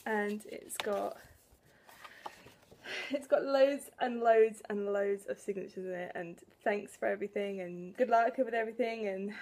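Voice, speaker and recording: A woman's voice: a little high, moderate pace, darkish tone, slight background noise. A woman in her twenties vlogging at home in a chatty, emotional way, laughing and sighing between thoughts. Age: 20s. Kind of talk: casual vlog to camera. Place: at home indoors.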